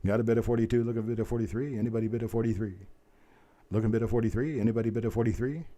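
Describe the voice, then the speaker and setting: Folksy low-voiced man calling an auction. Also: steady tone, warm tone. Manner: rapid bid-calling chant mixed with folksy chatter. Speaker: auctioneer host. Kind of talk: live online auction calling.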